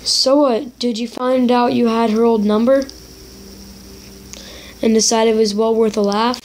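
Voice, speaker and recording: Girl doing an annoyed girlfriend texting a stranger, slow and plain, slightly high. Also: flat delivery, a little mellow, a little hiss or hum, lightly acted. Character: suspicious young woman, annoyed girlfriend. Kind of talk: reading a chat story aloud.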